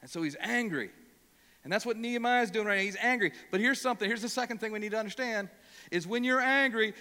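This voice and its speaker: A man's voice: high voice, quick pace, sharp tone, long reverb tail. A male pastor from Ohio preaching a sermon, emphatic and prone to repeating words when worked up.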